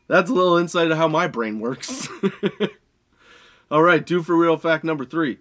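A young adult man, high and laughing often, reading odd facts and ranting with a lot of swearing. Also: lively intonation, slow, long pauses, fairly bright tone. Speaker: podcast host. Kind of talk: casual stoned rant.

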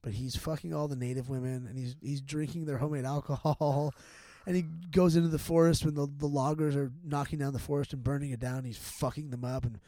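A man's voice: fairly high pitch, fairly even intonation, fairly quick, few pauses, dark tone, no echo. A middle-aged man talking as a podcast guest in a candid, casual chat, rambling and profane, with many restarts and fillers.

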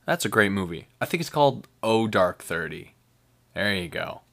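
A man's voice: lowish voice, animated, normal speed, vocal fry, a bit bright. A man hosting a casual solo podcast, rambling enthusiastically with many fillers and restarts. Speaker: podcast host.

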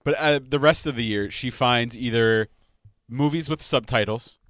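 A man's voice: medium pitch, normal speed, fairly bright tone, no room sound, clean studio sound. A man in casual banter, joking and teasing sarcastically.

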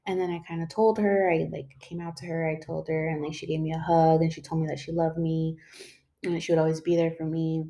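A woman's voice: lowish voice, little pitch movement, fast talker, dark tone. A young woman speaking mixed in, telling a personal story in a rambling, casual way many fillers and emotional moments.

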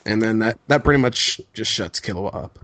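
A young man with a lowish voice co-hosts a casual podcast, relaxed and wry with a crude streak. His voice sits close and dry on the mic. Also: moderate pace, dry recording. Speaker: podcast co-host. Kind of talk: casual chat about an anime.

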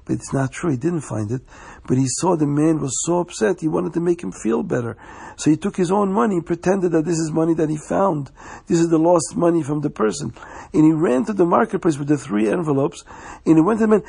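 A man telling a story, slowing down for suspense. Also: medium pitch, creaky, slightly rough. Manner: slows down for suspense.

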